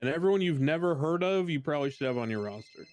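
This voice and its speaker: A man's voice: a little high, animated, quick pace, darkish tone. A man chatting casually about football with friends in an offhand way, saying "like" often.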